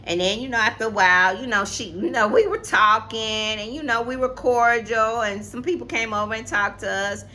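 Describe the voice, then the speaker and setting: A woman's voice: fairly high pitch, moderate pace, few pauses, sharp tone, a little hiss or hum. A woman, telling a personal story in a casual vlog, emphatic and repeating herself. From Atlanta, Georgia, US. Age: 50s. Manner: emphatic, repeats phrases, talks straight to viewers. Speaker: co-host.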